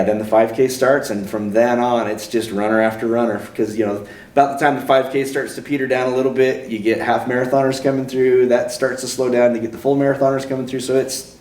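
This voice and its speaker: Relaxed man with a low voice. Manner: relaxed, rambling, self-deprecating. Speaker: race announcer, interviewee. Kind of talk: casual interview chat. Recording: roomy, mic at a distance.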